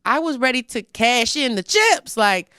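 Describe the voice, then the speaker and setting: A woman's voice: on the high side, a little slow, dry recording, clean studio sound. A young woman in a casual interview, telling her story with life and acting out what she and others said. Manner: animated storytelling, acts out her own quotes. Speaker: interview guest, singer.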